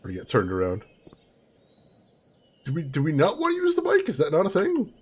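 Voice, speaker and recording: A man's voice: fairly high pitch, huge pitch swings, moderate pace, a little mellow, husky. A man commentating a video game playthrough, sarcastic and amused, talking to his chat. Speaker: game streamer. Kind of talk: let's play commentary.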